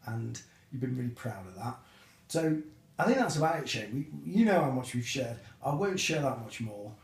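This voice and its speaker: Male, mid-pitched, deadpan teasing prank message, slow comic pauses, roomy echo. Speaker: coworker leaving a prank message. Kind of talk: mock-sincere comic video message.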